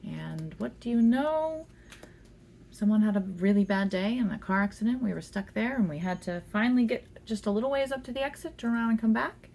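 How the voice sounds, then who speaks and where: Woman tarot reader, creaky voice, chatty, giggly, faint background hiss. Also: on the high side, expressive, a little fast, darkish tone. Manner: chatty and giggly, talks fondly to the cards. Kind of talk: casual tarot reading chat. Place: indoors at home.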